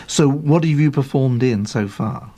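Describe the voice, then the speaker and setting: A man in his sixties, a radio presenter, asking a young guest encouraging, gently teasing questions. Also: medium pitch, a little slow. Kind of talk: radio interview.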